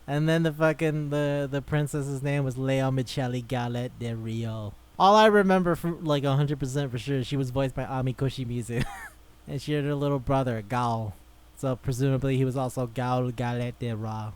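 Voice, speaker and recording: A man's voice: medium pitch, steady tone, moderate pace, clean tone. A man co-hosting a podcast in casual chat, rambling, swearing freely and laughing often. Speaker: podcast co-host.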